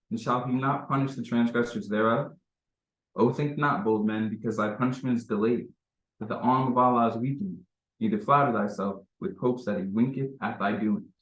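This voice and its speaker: A man reading scripture aloud at a religious meeting in a measured, solemn recitation. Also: medium pitch, a bit bright. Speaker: temple member reading scripture. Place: temple meeting hall. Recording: echoey room.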